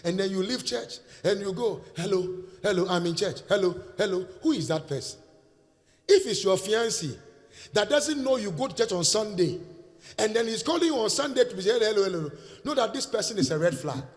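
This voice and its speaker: A Nigerian man preaching a sermon in a church hall, leading call-and-response and breaking into shouts. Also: high voice, big pitch swings, brisk. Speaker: pastor. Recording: reverberant church hall, faint music.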